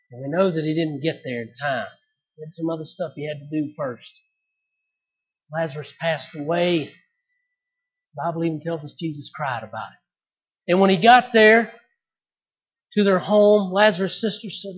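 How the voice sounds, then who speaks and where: High-pitched male preacher, dramatic loud-to-soft delivery, dull recording. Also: normal speed, long pauses. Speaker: pastor. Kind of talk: sermon.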